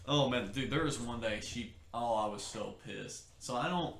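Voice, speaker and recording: A man co-hosting a podcast, chatting casually and telling stories with lively acted-out quotes and shouts. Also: medium pitch, normal speed, gravelly, roomy sound. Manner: animated storytelling, acts out shouts and quotes. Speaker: podcast co-host. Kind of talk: casual chat.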